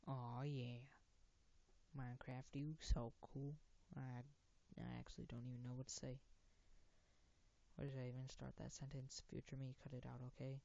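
Gravelly, dark-voiced gamer rambling on a dull lo-fi mic. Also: medium pitch, normal speed. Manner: rambling, self-interrupting, easily excited. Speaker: gaming video host. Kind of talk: casual let's-play commentary.

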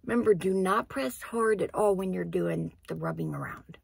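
Female beauty vlogger, raspy low-key voice, casual step-by-step demo. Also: expressive, normal speed, no room sound. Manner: chatty, explains each step. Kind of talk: casual skincare tutorial.

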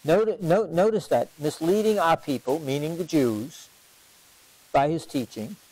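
A man leading a parish Bible study as its teacher, questioning his class and repeating key lines for emphasis in an unhurried classroom lecture. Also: on the high side, a little mellow, husky, poor audio. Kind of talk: lively classroom lecture on scripture.

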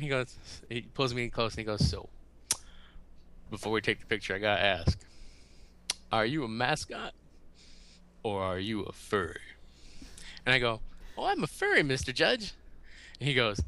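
Animated man telling stories, bright voice. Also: on the low side, smooth. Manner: animated, acts out quotes in a raised voice; halting, often restarts. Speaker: podcast guest. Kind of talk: casual storytelling in an interview.

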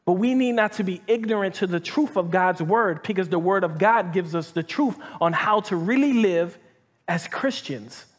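High-voiced man preaching to a congregation. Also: normal speed. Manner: conversational preaching with many restarts and repeated "like" and "right?"; reads scripture aloud and comments between verses. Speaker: pastor. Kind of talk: sermon. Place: church hall with live audience.

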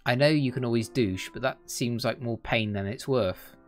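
A man lends his voice to a tender, teasing young man from a dating game. The endearments come easily and the tone stays relaxed. A faint guitar plays behind. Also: mid-range voice, moderate pace, lightly acted. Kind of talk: reading a dating game aloud.

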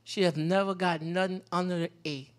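A man speaking as a panel guest, telling animated stories about fatherhood and repeating phrases for emphasis. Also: high voice, brisk. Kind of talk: personal storytelling in a community panel.

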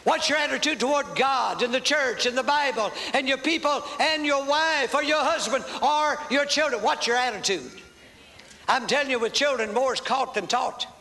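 Preaching fervently in a church sanctuary, a pastor with an extremely high, pushed, bright voice speaks at normal speed and draws responses from the congregation. The reverberant hall adds echo, and there's faint background noise.

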